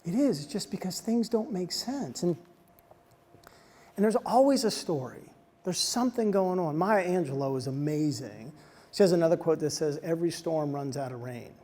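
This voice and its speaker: A man giving a motivational talk to soldiers, telling stories in an animated way and dropping to a soft hush at emotional moments. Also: fairly high pitch, normal speed. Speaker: speaker addressing soldiers. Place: large hall on a military base. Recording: long reverb of a large hall.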